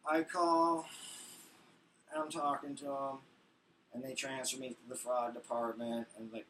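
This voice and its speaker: Man, stand-up comic, ranting and profane, bright tone, heard from a distance. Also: mid-range voice, steady tone, measured pace, long pauses, slight background noise. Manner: profane, ranting, acts out phone calls. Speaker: stand-up comedian. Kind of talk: stand-up storytelling.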